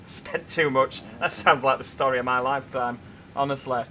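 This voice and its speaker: A man's voice: mid-range voice, fairly even intonation, moderate pace, pushed and bright, a little hiss or hum. A young man with a Yorkshire accent, hosting a casual livestream and chatting as he reads viewer comments aloud. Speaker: livestream host.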